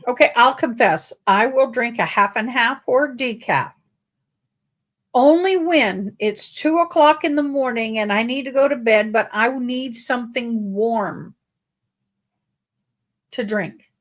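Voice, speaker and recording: A woman chatting on a live stream, telling stories with lively emphasis. Her voice sits a little high. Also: measured pace. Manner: animated, emphatic storyteller. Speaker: livestream co-host. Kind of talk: casual chat.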